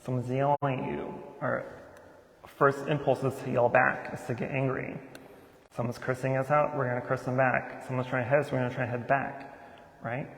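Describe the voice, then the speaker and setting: Gravelly-voiced man giving a sermon. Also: mid-range voice, flat delivery, moderate pace, a bit bright, slight background noise. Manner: conversational, asks many rhetorical questions, tag "right?". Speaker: Buddhist teacher giving a Dharma talk. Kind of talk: informal sermon. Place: temple hall. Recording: echoey temple hall with long reverb.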